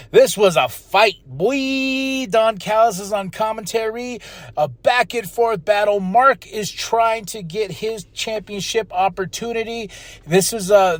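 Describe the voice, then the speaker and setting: A man hosting a podcast, giving a casual, excitable recap of a wrestling show and now and then shouting out the wrestlers' lines and chants. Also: high voice, dry recording. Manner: excitable, chatty, slips into loud impressions of the wrestlers. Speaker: podcast host.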